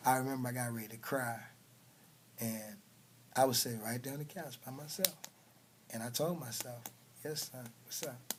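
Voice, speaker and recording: A man telling a personal story, dropping to hushed whispers and then bursting out loud with punch sounds. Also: medium pitch, moderate pace, long pauses, a little hiss or hum.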